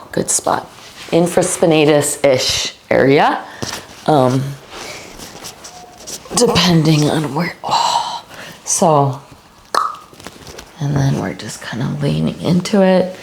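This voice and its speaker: Woman, yoga teacher, unhurried calm cues, slightly low voice. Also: gravelly, slight background noise. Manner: slow, calm cueing with fillers. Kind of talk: guided yoga instruction.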